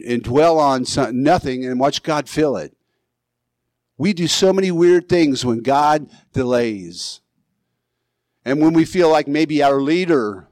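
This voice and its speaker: A male pastor preaching a sermon, animated, acting out Bible figures in quick asides. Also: fairly high pitch, dry recording.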